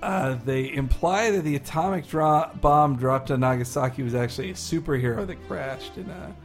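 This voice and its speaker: Young male podcast host, slightly high voice, rambling, jokey banter, faint music bed. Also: normal speed. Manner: rambling, full of fillers and restarts, jokey. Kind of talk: casual chat.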